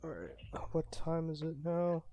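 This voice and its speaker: A man's voice: on the high side, unhurried, soft background music. A man hosting a podcast in casual chat, telling stories animatedly and acting out quotes. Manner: animated storyteller who acts out quotes. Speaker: podcast host.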